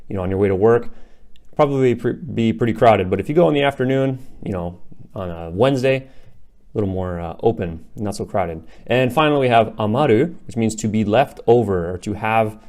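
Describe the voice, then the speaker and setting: Chill guy teaching a lesson, kinda low voice, lots of "you know"s. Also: fairly quick. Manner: relaxed, many fillers like "you know" and "like". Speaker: Japanese teacher. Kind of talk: casual language lesson.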